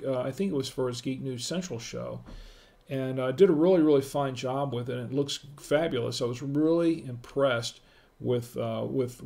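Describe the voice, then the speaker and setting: A man's voice: mid-range voice, creaky, darkish tone. A middle-aged man hosting a casual live-stream wine tasting, chatting with viewers in the chat and greeting them by name.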